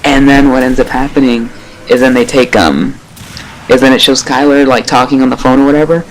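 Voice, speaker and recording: Rambling excitable man reviewing a show. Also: medium pitch, fairly quick, a little hiss or hum, poor audio. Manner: rambling, excitable retelling full of fillers; swears casually. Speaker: TV episode reviewer. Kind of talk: casual spoken review.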